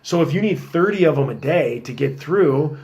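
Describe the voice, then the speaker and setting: A middle-aged man telling stories in a casual podcast chat, working as a police officer, animated and acting out quotes. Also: on the high side, moderate pace. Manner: animated storyteller, acts out quotes in a raised voice.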